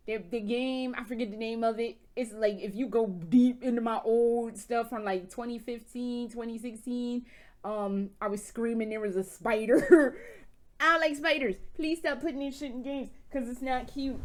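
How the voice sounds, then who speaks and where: Animated, laughing woman game vlogger. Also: fairly high pitch, moderate pace. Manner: animated, profane, laughing storyteller. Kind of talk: casual game review chat.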